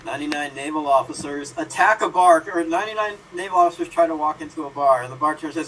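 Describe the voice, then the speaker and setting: A man's voice: on the high side, fast, hardly any pauses, fairly bright tone. Distant man telling improv punchlines. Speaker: improv player. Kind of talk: improvised one-liner jokes. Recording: distant mic with noise.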